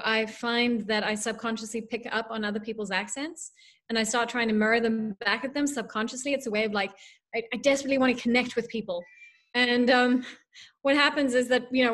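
A woman's voice: fairly high pitch, fairly even intonation, a little fast, a bit bright. A woman from South Africa with a mixed, drifting accent, chatting casually as an author guest over a video call, self-deprecating and full of fillers. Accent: mixed South African, drifting toward American and Irish. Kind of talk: casual interview.

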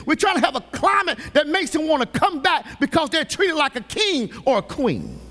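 In a church sanctuary, a male pastor with a high, lively voice delivers a sermon slowly and deliberately, building to shouted peaks. He playfully teases the congregation as his preaching rises.

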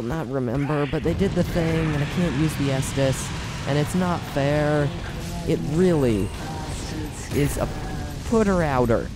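A man giving casual gameplay commentary with dramatic, whiny self-pitying asides. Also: on the high side. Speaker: let's play gamer.

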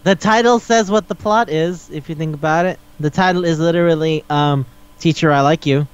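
A man's voice: on the high side, normal speed, smooth, lo-fi sound. A man co-hosting a podcast who chats casually, recaps stories with energy, acts out quotes and swears freely. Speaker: podcast co-host. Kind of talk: casual chat.

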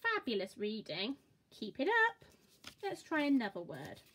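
Brief: woman, children's phonics teacher, slow deliberate delivery, bouncy melodic voice. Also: on the high side, wildly swooping pitch, fairly bright tone. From England. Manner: slow, encouraging, exaggerated sound-by-sound modelling.

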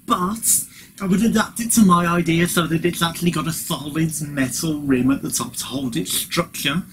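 A man's voice: fairly high pitch, moderate pace, noisy background. A man chatting casually in a home product review vlog, rambling with lots of "you know" fillers. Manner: chewing while talking at times. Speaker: vlogger.

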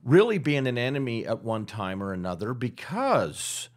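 This real estate guest, a middle-aged man from Utah, has a mid-range voice and a normal pace. In the casual podcast conversation he tells stories lively, giving voice to the people in them.

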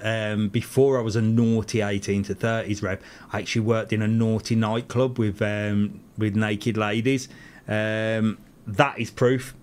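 A man, a travel channel host who chats casually on a live stream from a studio, reads viewers' comments aloud and answers them with self-mocking laughs. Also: mid-range voice. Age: 40s.

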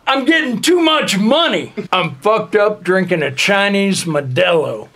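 A man playing a boastful, drugged-out vampire rapper in a comedic monologue, bragging crudely in a deadpan way. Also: high voice, heavily acted. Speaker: comedian in character.

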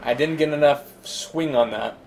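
A man's voice: fairly high pitch, normal speed, creaky, a little hiss or hum. A man hosting a let's play, chatting and thinking aloud as he plays. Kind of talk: gameplay commentary.

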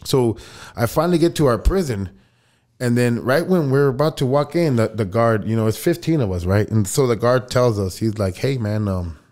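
A man's voice: medium pitch, expressive, normal speed, a little mellow. A man, a podcast guest telling a long story in casual, profane, laughing talk. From El Paso, Texas. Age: 40s.

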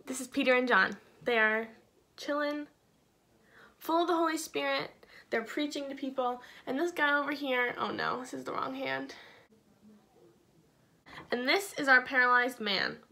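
Chatty kids' church teacher, a woman, high and bright, easygoing and filler-heavy. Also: moderate pace, vocal fry, pauses often. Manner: bubbly, chatty, lots of "like". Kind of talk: casual children's Bible lesson.

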